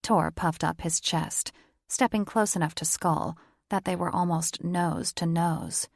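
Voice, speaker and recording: A woman narrating a romance audiobook in a measured, even storytelling voice. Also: lowish voice, creaky, no room sound, clean studio sound. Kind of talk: scripted narration.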